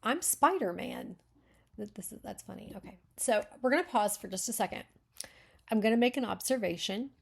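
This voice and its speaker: A woman's voice: mid-range voice, fairly quick, creaky, slightly rough. A woman hosting a casual writing critique, chatty and full of fillers and self-corrections. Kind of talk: casual teaching.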